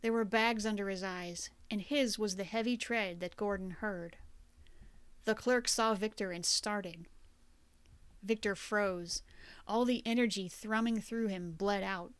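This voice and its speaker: A woman narrating a fantasy story as an audiobook reader in a measured, suspenseful way. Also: medium pitch, steady tone, smooth, no room sound.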